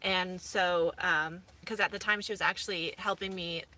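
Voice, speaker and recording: A woman's voice: fairly low pitch, fairly even intonation, normal speed, sharp tone. A woman in her thirties, rambling casually with many fillers as a vlogger from inside her camper van. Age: 30s. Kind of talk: casual chat.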